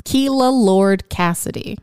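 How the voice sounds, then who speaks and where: A woman in casual chat about a film, frank and animated, who swears freely and trails off into fillers. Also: mid-range voice, slow pace, clean tone, no echo, studio quality.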